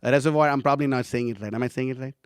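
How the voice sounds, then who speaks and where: A man's voice: medium pitch, very fast, clear, resonant tone, no echo, studio quality. A young man teaching a casual class, rambling and chatty with many fillers and laughs. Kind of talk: casual class talk with anecdotes.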